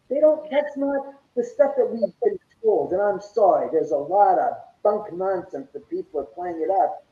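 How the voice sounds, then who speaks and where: A man telling stories as a guest on an interview show, animated and often laughing as he acts out what others said. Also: sits high, moderate pace. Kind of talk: casual storytelling interview. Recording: echoey, dull lo-fi sound.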